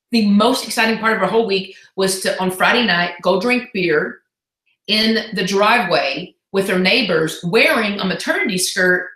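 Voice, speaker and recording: Woman, business coach, casual motivational live call, heartfelt, chatty, middle pitch, echoey room. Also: a bit bright. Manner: heartfelt and chatty, quick asides.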